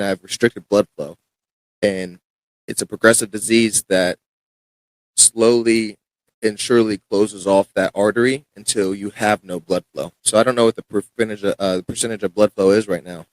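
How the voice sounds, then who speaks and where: Low-voiced young man telling a story. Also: dry recording, poor audio. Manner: rambling, frequent restarts and fillers, acts out quoted dialogue. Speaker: podcast guest, MMA fighter. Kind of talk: casual storytelling.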